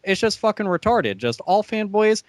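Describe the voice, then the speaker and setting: A man's voice: high voice, big pitch swings, normal speed, no echo. Crude ranting man on a podcast. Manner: crude, vulgar, heated ranting. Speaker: podcast co-host. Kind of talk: casual ranting podcast chat.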